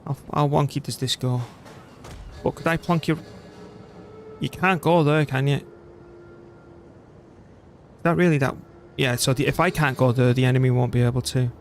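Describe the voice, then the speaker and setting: A man's voice: mid-range voice, steady tone, moderate pace, pauses often. British guy rambling over his game stream, easygoing mid voice, bit of music behind. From Britain. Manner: rambling, chatty, self-deprecating. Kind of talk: casual gameplay commentary.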